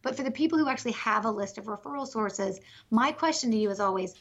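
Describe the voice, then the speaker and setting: A businesswoman coaching on a podcast, talking with energy and conviction. Her voice is husky and breathy. The recording sounds slightly dull and lo-fi. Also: on the high side, fast. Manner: energetic, explains with conviction, laughs lightly. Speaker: business referral coach and author, podcast guest. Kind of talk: podcast interview.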